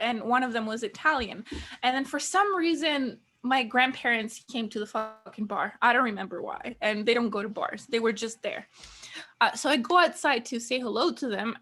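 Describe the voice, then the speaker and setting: A young Greek woman co-hosting a podcast chats casually and tells a story packed with "likes," fillers and laughter. Her voice is a little high and fairly bright.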